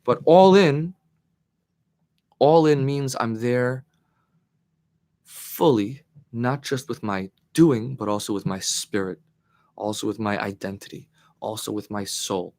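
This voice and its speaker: A man's voice: lowish voice, fairly even intonation, a little slow, a little mellow. A man teaching a Torah class as its rabbi, thinking aloud, often restarting phrases and leaning hard on key words. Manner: thoughtful, searching for words, emphatic on key phrases; answers questions from the class.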